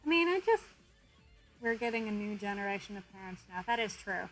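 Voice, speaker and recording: A woman's voice: mid-range voice, expressive, brisk, fairly bright tone, soft background music, low-quality recording. A young woman streamer chatting casually with viewers, self-deprecating and laughing often. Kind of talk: casual chat with viewers while drawing.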